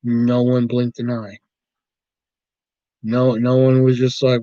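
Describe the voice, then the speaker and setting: A young man telling a work story casually, animated and profane, laughing now and then. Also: medium pitch, slow, no room sound. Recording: dull dry lo-fi recording.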